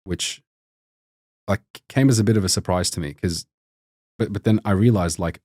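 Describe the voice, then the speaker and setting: A man's voice: deep voice, moderate pace, long pauses, a little mellow, no room sound, studio quality. A man from Lebanon, a podcast guest, talking casually and rambling with lots of fillers and restarts. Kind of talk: casual conversation.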